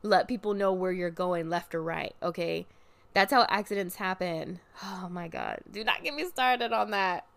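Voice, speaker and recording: A young woman ranting casually as a podcast host, swearing freely and bursting into loud outbursts. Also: on the low side, moderate pace, gravelly. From Oregon, US. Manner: animated, profane venting with sudden loud outbursts.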